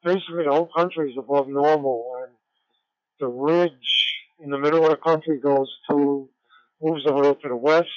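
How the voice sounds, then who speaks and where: A man giving an easygoing weather report on an amateur radio net, with many pauses and uhs. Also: on the high side, fairly even intonation, dry recording. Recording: dry, muffled radio audio.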